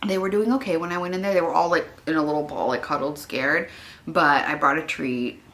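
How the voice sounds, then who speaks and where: A woman's voice: low-pitched, fairly even intonation, brisk, a bit bright. A young woman vlogging casually from home, rambling with lots of "like" fillers and turning emotional at times. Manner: chatty, rambling, many "like" fillers. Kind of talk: casual vlog chat. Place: her home.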